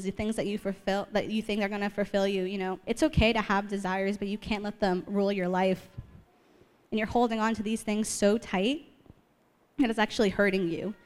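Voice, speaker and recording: A young woman from the East Coast shares her testimony in an animated storytelling voice. She mixes self-deprecating jokes into the story and jumps up in pitch whenever she quotes her own past prayers. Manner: self-deprecating humor with frequent laughs. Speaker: speaker sharing testimony. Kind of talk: personal testimony talk.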